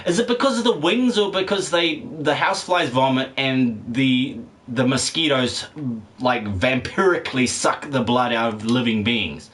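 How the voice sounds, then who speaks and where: This gamer, streaming live and reading chat, has a medium-pitched, slightly bright voice and speaks at a moderate pace. He rambles casually with a condescending tone, swearing freely and laughing often.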